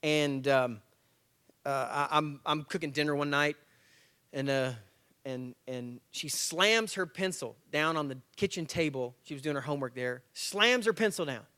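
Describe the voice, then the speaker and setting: Speaking at normal speed in a fairly high, clear, resonant voice, a man in his forties gives a motivational talk at a church men's breakfast. He's a lively, jokey storyteller who acts out dialogue and pokes fun at himself.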